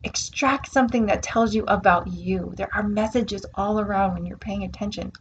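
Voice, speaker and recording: A woman's voice: mid-range voice, normal speed, highs cut off, a little hiss or hum. A woman hosting her own podcast, talking earnestly in a reflective, spiritual self-help monologue and repeating words for emphasis. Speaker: podcast host.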